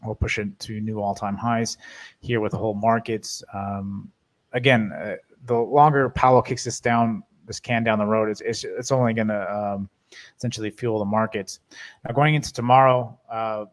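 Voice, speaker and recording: Flat-voiced man talking stock picks. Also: on the low side, moderate pace. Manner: many fillers and restarts, hedging predictions. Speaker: stock market video host. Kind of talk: casual market commentary over charts.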